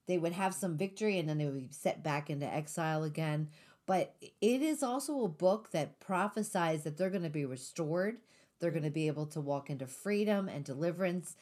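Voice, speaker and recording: Her voice sits low and a little mellow as she hosts a faith-based podcast, lightly joking about her own story before getting into teaching scripture as a Christian talk show host.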